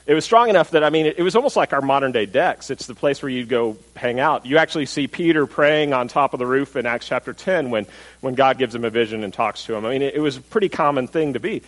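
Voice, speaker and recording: A man preaching a sermon, lively and animated, asking the listeners rhetorical questions and repeating his words. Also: mid-range voice, fast talker, poor audio. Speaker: pastor.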